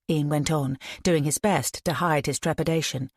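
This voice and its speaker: Audiobook narrator, female, low-pitched, dry and close, steady read. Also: moderate pace, hardly any pauses, no echo. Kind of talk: scripted narration.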